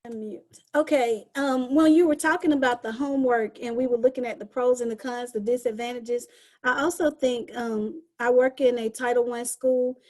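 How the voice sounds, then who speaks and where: A woman's voice: on the high side, a little mellow. A woman special education teacher speaking on a video call, explaining her view earnestly in a casual panel discussion.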